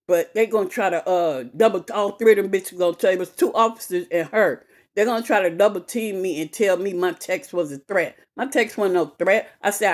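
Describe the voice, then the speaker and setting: A woman telling a personal story to camera in an animated, emphatic way, swearing freely and repeating herself. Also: mid-range voice, brisk. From west side of Chicago. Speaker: vlogger.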